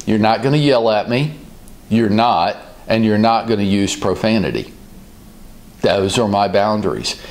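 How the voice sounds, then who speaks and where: A man with a fairly low voice delivers business coaching straight to the listener. He stays calm and measured and states his rules plainly. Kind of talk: motivational business advice talk.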